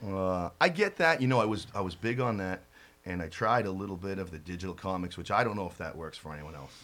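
A man guests on a casual podcast, airing opinions with dry humor. His voice sits low, and he talks quickly. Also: lively intonation, fairly bright tone. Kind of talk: casual chat.

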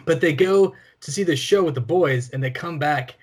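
A man's voice: on the high side, moderate pace, slightly rough. A man co-hosting a film podcast, talking casually with blunt, sarcastic, profane remarks. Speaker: podcast co-host.

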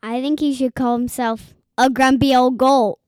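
A woman chiming in on a comics podcast with short, blunt, deadpan answers. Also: high-pitched, normal speed, clear, resonant tone, no echo, clean studio sound. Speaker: co-host chiming in.

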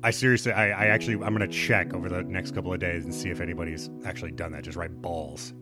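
A man's voice: deep voice, fairly even intonation, very fast, over loud music. A man hosting a podcast, talking casually in a rambling, profane, self-mocking way. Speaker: podcast host.

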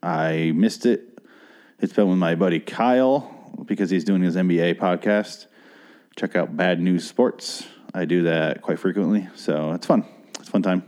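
A man's voice: low-pitched, normal speed, darkish tone. A man in his thirties hosting a podcast on his own, talking at length in a rambling, profane and self-mocking way. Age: 30s. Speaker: podcast host. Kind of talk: casual solo podcast monologue. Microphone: studio mic through a mixer.

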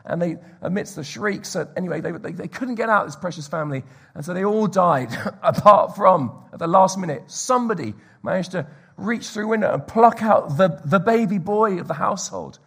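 Male preacher, storytelling sermon, raspy and gravelly, a bit high. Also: lively intonation, normal speed, few pauses. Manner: storytelling, drops to a hushed whisper for emphasis.

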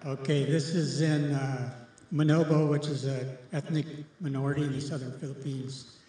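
A man leading a call and response, explaining calmly. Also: fairly high pitch. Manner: explanatory, unhurried. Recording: echoey room from far off.

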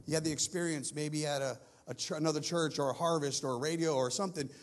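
A man with a high voice delivers a sermon as a guest pastor. He builds through repeated phrases, pushing up into urgent, loud stretches and then dropping low and hushed. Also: fairly even intonation, quick pace. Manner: swings between loud urgent passages and hushed low ones.

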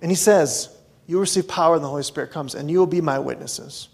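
A man preaching a conversational sermon as a pastor, swinging between loud outbursts and hushed asides. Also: a little high, fast talker, gravelly, slightly rough.

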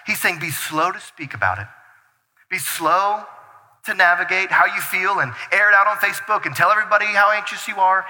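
A man preaching a sermon as pastor, energetic and full of rhetorical questions to the congregation. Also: high-pitched, brisk. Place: church hall. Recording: reverberant church hall.

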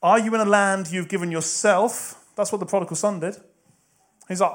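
Higher-voiced man preaching a sermon. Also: fairly even intonation, moderate pace. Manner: passionate, rising to loud emphatic preaching.

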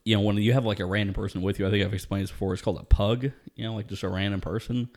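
A laid-back man with a lowish voice, telling a story over casual chat, swearing freely and often laughing at his own tale. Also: fairly even intonation, very fast, darkish tone.

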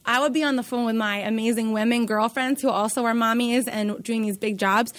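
A woman's voice: on the high side, fairly even intonation, a little fast. A woman in her thirties, a guest on an interview, telling a personal story openly and emotionally. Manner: open, emotional, candid, laughs easily. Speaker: guest, founder and CEO.

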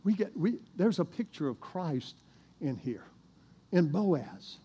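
A man preaching a folksy sermon, chuckling as he retells a bible story. His voice sits fairly high but mellow and soft-edged. He breaks off with asides and jokes for the congregation. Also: very animated, slow, breathy edge, dull audio. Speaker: pastor.

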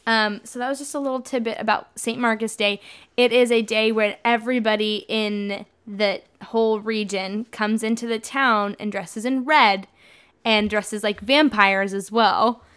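A young woman co-hosting a casual chat, recapping a book and acting out the quotes with lively voices. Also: fairly high pitch, unhurried, clear, resonant tone. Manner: animated, acts out quotes in put-on voices. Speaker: podcast co-host recapping a book.

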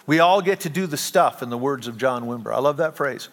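A man's voice: mid-range voice, expressive, fairly quick, in a large hall. A middle-aged male pastor preaching a sermon, telling stories with humor and self-deprecating asides. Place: church sanctuary.

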